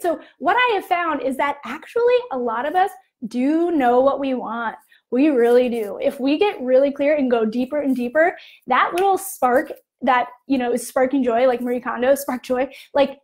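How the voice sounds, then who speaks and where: A young adult woman life coach talking casually on a live video, chatty and animated, full of "like" and "you know". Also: high-pitched.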